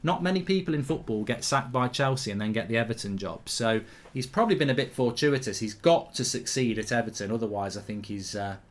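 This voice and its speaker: A man's voice: mid-range voice, lively intonation, a little fast, few pauses. A man hosting a live football watchalong, chatting opinionatedly and reacting to the match. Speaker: host.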